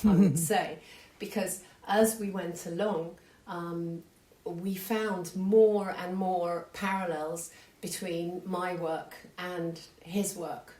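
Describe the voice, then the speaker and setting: Woman storyteller, low voice, slow and easy, heard from a distance in a roomy hall with faint noise. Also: a little mellow. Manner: unhurried, conversational, self-deprecating. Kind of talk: live storytelling.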